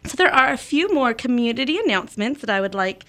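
A woman's voice: high-pitched, animated, fast, fairly bright tone, soft background music. Chatty woman radio host. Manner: chatty, lightly joking. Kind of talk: reading a poem and community announcements.

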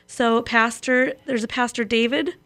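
A woman's voice: a little high, fairly even intonation, a little slow, a bit bright. A woman radio host reading a poem aloud and then giving community announcements in a chatty, lightly joking way.

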